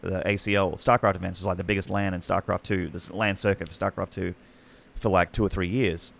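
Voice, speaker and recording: A man's voice: deep voice, level tone, brisk, creaky, a bit bright. A man in his thirties with an Australian accent, an esports commentator telling his story in a casual podcast chat, rambling with many restarts and fillers.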